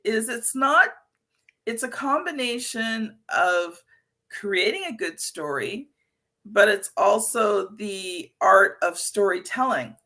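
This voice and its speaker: A woman's voice: mid-range voice, animated, slow pace, sharp tone. A middle-aged woman hosting a podcast interview, chatty and anecdotal with many fillers. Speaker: podcast host. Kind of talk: conversational interview.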